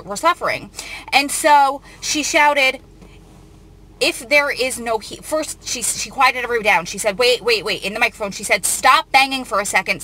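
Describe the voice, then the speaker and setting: A woman's voice: on the high side, pushed and bright. A woman host reading out a news article and commenting on it, earnest and emotional, often restarting her sentences.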